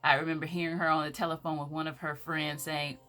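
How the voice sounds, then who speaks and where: Speaking fast in a deep, bright, forceful voice with a level tone, a Southern American woman preaches an inspirational faith message. As an empowerment speaker she is emphatic and preacherly and quotes scripture.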